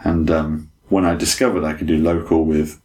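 Very deep-voiced man reviewing games. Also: level tone, normal speed, darkish tone. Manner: enthusiastic, laughs often. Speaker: game podcast co-host. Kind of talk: casual game review chat.

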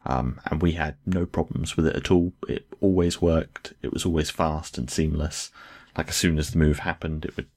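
A man's voice: rumbling low, steady tone, normal speed, few pauses, a little mellow. A man co-hosting a podcast in casual chat, chatty and jokey, loose with fillers. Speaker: podcast co-host.

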